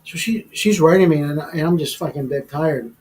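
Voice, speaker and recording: A man's voice: on the high side, moderate pace, darkish tone, breathy edge, soft background music, low-quality recording. A man hosting a live stream, telling a personal story in a rambling, profane way full of fillers and restarts. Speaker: show host telling a story. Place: studio.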